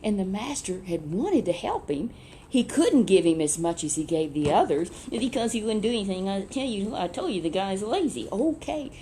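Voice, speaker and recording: Woman doing a kids bible story with a puppet, animated and chatty, mid-pitched, faint hiss in the back. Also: normal speed.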